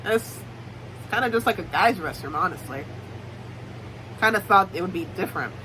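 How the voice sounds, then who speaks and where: A woman's voice: lowish voice, expressive, moderate pace, noisy background, natural voice. Young woman doing a blunt teen boy. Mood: offhand. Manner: offhand, crude. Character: blunt teenage boy, casual and unbothered.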